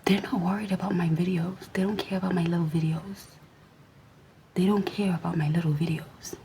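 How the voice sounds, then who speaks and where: A woman's voice: fairly low pitch, steady tone, fairly quick, mellow, slight background noise, rough recording. A young adult woman vlogger ranting in a sassy, mostly whispered voice to her camera.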